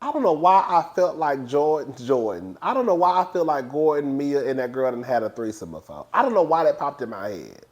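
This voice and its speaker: A man reviewing a reality TV episode in casual, animated, gossipy commentary. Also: a little fast, few pauses. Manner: animated, gossipy, acts out quotes in high voices.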